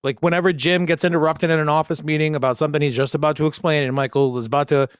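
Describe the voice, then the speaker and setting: A man's voice: on the high side, steady tone, very fast, clear, resonant tone, dry recording, studio quality. A man hosting a podcast in casual comedic chat, reading a post aloud with sarcastic, profane asides. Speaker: podcast host.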